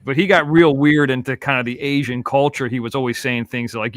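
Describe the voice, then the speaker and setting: A man's voice: mid-range voice, steady tone, fairly quick, few pauses, no room sound, clean studio sound. Laid-back, profane man from Florida. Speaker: podcast host. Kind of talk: casual storytelling chat.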